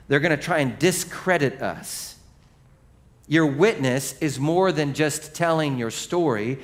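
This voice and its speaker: A man preaching a sermon to his congregation, his voice sitting a little higher than most men's. He talks casually and jokes like a storyteller. He reads the scripture aloud together with the listeners. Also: lively intonation, measured pace. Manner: conversational, joking storyteller; leads the congregation in reading scripture. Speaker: pastor.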